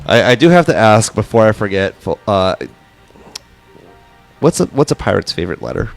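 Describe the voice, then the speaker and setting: A man's voice: on the low side, very animated, moderate pace, gravelly, faint music behind. A man hosting a studio interview live stream, upbeat and chatty, reading out viewer comments. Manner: upbeat, reads chat comments aloud. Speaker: host.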